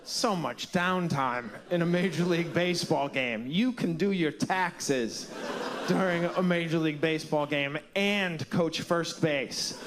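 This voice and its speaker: A man doing a stand-up comedy set, wry and self-deprecating, building to loud indignant outbursts. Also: a little high, unhurried. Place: comedy stage before a live audience. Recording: stage mic in a reverberant hall with laughing crowd.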